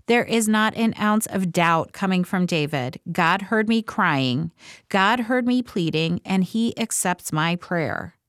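A woman hosting a Christian devotional program, reading scripture and speaking in a measured, earnest way. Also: lowish voice, animated, no room sound, studio quality. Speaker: radio program host.

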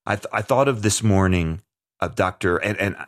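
A man with a very low voice talks through a topic in conversational commentary. He is earnest and emphatic and often restarts mid-sentence as he hosts the show. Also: normal speed.

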